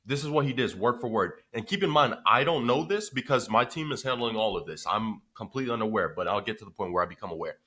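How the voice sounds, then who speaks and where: A man on a casual vlog retells a story from running his business, in an animated, loose way with plenty of swearing and filler words. His voice is fairly low but bright and forceful. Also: fast talker. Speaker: business owner telling a story.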